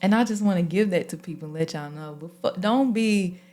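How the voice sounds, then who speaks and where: Woman host, AAVE, lively and emotional, moves between hushed and loud. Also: on the low side, fairly quick. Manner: expressive, animated, swings from soft to loud. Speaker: podcast host. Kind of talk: casual, emotional conversation.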